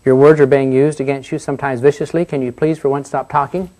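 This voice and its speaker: A man's voice: mid-range voice, little pitch movement, quick pace, warm tone, a little hiss or hum. A man in his sixties, an American university president, giving a humorous speech and reading letters aloud in a folksy, storytelling way. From United States. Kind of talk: humorous public speech at a luncheon forum. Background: audience laughter.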